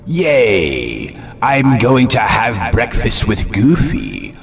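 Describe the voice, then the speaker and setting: A man voicing a trusting, excited young girl in a horror story reading. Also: on the low side, very slow, creaky, a loud crowd, exaggerated voice.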